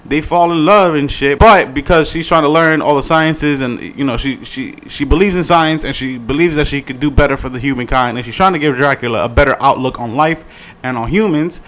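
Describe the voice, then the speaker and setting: A man giving a casual review in his vlog, swearing freely in an animated, slangy way. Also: fairly high pitch, brisk. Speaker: video reviewer.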